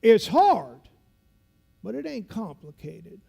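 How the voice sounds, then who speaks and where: A man voicing a grizzled older male Navy SEAL instructor with a gravelly voice, who talks in a slow, folksy drawl. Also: sits high, sing-song, mellow, voice pushed up, full character voice. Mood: menacing, folksy.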